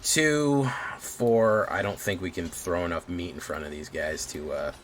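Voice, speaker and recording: Low voiced guy streaming a card game, mumbling plays, little boom exclamations. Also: fairly even intonation, fairly bright tone, a little hiss or hum. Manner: mutters plays aloud with quick exclamations. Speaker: gaming streamer. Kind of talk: casual gameplay commentary.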